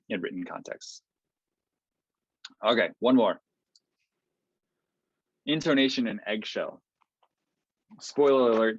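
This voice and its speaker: A man giving an online academic lecture in a relaxed, explanatory way, with frequent ums and okays. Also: lowish voice, no room sound. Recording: dull, slightly lo-fi online lecture audio.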